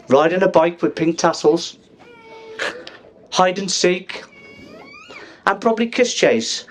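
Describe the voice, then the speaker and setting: A man in his fifties giving a jokey father-of-the-bride speech at a wedding reception, teasing guests and pausing for laughs. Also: high voice.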